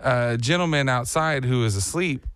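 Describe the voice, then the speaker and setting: A man's voice: medium pitch, moderate pace, fairly bright tone, no room sound, clean studio sound. A young man co-hosting a morning radio show, animatedly telling a story and acting out sounds and voices.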